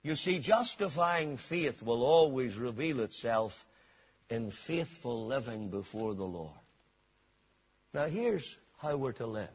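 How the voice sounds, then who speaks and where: A man preaching a sermon, swinging between soft, intimate appeals and loud, shouted climaxes. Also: medium pitch, breathy edge, dull audio.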